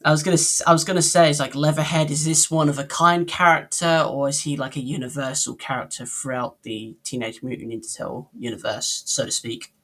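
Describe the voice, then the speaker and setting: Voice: medium pitch, steady tone, a little fast, few pauses, a bit bright. A co-host in a casual cartoon review chat, hesitant and often searching for words. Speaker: podcast co-host.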